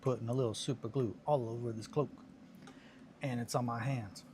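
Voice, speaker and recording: A man's voice: mid-range voice, fairly even intonation, normal speed, darkish tone. A man in his thirties hosting a hobby stream, chatting casually in a rambling, self-deprecating way while he works on miniatures. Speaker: hobby livestream host. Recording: noticeable background noise.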